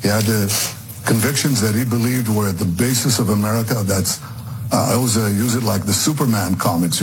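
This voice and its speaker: A man giving a remote interview, speaking earnestly and haltingly, often repeating himself. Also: mid-range voice, slight background noise, poor audio. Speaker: interview guest.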